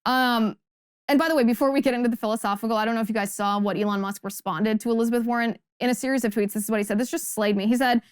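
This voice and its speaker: A woman's voice: a little high, steady tone, rapid-fire, smooth, dry recording, studio quality. A young adult woman hosting a political commentary monologue, talking emphatically and indignantly with pointed rhetorical questions. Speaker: host.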